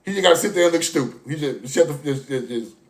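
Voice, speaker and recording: A man delivers a passionate, profane monologue straight to his listeners. His voice sits high, and he keeps circling back to the same phrases. He moves from forceful outbursts to low, muttered stretches. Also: animated, fast talker. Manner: forceful, repetitive, profane, swings from loud to low. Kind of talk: impassioned monologue to camera.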